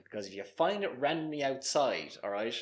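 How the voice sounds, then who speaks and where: A man's voice: mid-range voice, sing-song, brisk. Emphatic man, chatty. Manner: emphatic, digressive, asks for agreement with "all right?". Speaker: podcast co-host. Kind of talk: casual chat.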